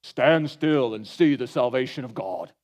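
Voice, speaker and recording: A man's voice: mid-range voice, expressive, a little mellow, voice pushed down, natural voice. A man voicing Moses as a pompous leader who sounds overly spiritual and is easily flustered. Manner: slow, solemn mock-pious delivery.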